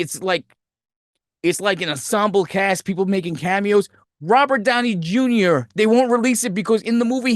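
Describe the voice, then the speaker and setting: A man's voice: high voice, no echo, studio quality. A man hosting a podcast, animatedly telling a movie's plot in a rambling, profane, casual way. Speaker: podcast host.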